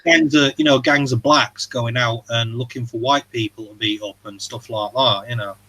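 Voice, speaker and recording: A man's voice: medium pitch, steady tone, moderate pace, pushed and bright, rough recording. Rambling man on a livestream. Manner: rambling and hesitant, full of fillers and swearing. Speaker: livestream host. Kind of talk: casual chat.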